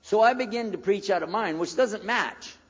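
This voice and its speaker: A man's voice: high-pitched, moderate pace, husky. An older man, a former preacher, telling his conversion story to an audience in a folksy storytelling manner. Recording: dull lo-fi recording in a reverberant hall.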